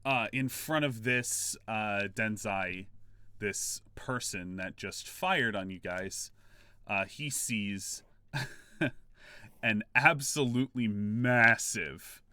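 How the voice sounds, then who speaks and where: A man narrating a tabletop game as game master, in halting, filler-heavy speech. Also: fairly low pitch, sharp tone, clean tone, no echo.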